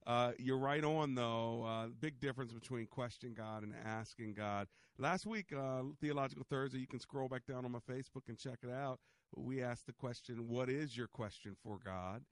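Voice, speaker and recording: Brief: mid-pitched male call-in host, chatty and animated, dry close sound. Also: dry recording. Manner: lively and chatty, with chuckles and quick restarts. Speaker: radio call-in show host. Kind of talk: casual call-in talk.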